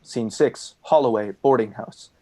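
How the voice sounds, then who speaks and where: A reader calmly reading out stage directions over a video call in a play reading. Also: mid-range voice, unhurried, a little hiss or hum.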